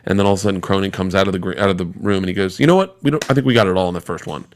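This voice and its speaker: A man in his forties, a podcast guest, tells a rapid, swear-filled anecdote in casual conversation. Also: low voice, a little hiss or hum. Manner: animated, profane, rapid-fire storytelling.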